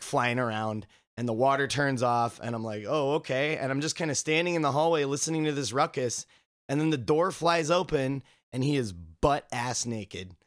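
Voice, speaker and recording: A man's voice: mid-range voice, fairly bright tone, no echo. Guy rambling thru a story on a podcast, lots of likes and uhs, dry sound. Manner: rambling, filler-heavy storytelling. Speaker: podcast co-host. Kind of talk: casual anecdote telling.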